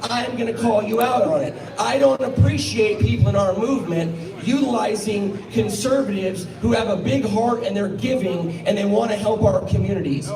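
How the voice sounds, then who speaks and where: A man's voice: high-pitched, normal speed, gravelly, hardly any pauses. A man giving a blunt, combative outdoor rally speech. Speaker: rally speaker. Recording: echoey, from far off, crowd behind.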